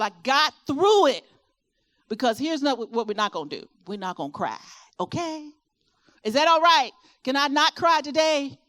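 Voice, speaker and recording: A middle-aged woman from Virginia, USA, with a Southern accent and a voice that sits high, gives an animated motivational talk to a live audience in an expo hall at a caregiver expo. Her delivery rises and falls, and she often asks the audience questions.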